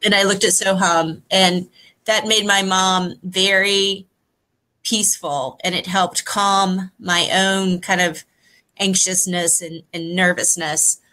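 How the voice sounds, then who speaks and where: A woman on a video call telling a personal story, emotional and near tears, speaking softly with halting pauses. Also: fairly low pitch, fairly even intonation, poor audio. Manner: soft, halting, pausing often. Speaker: guest.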